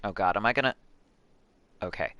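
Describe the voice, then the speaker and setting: A man's voice: fairly low pitch, fairly quick, sharp tone, no room sound. A man chatting casually as he plays a video game on stream, talkative and swearing freely. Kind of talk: casual gameplay commentary.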